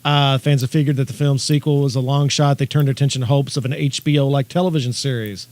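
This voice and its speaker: A man co-hosting a casual podcast chat, telling stories quickly and excitedly and reading news items aloud. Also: medium pitch, dry recording. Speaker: podcast co-host.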